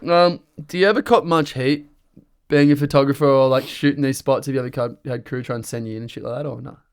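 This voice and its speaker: A man's voice: medium pitch, fairly even intonation, quick pace, clean tone. A young Australian man hosting a podcast, chatting casually with laid-back surfer slang and swearing. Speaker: podcast host. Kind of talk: casual chat.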